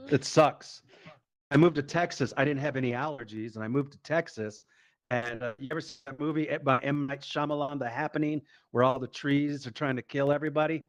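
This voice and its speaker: A man doing a stand-up set, telling a profane, animated story and acting out the quotes. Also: medium pitch, brisk. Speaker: stand-up comedian. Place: live comedy show.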